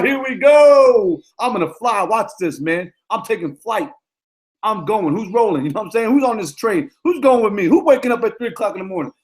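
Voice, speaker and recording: A middle-aged man, a football coach, giving a motivational talk in an emphatic, repetitive, slangy way. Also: sits high.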